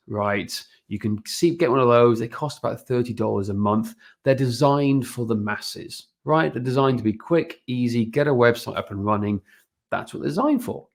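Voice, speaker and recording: A man with a gravelly, creaky voice at a middle pitch, speaking as an energetic podcast guest. He talks quickly and keeps checking in with tag questions as he explains things. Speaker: podcast guest, business owner. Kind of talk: casual podcast interview.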